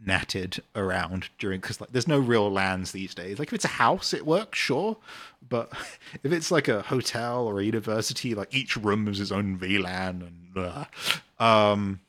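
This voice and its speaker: Low-voiced British man reading chat. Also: a little slow, a bit bright, no echo. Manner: rambling, many ums and uhs, reads chat questions aloud. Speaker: game developer answering chat questions. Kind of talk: casual livestream Q&A.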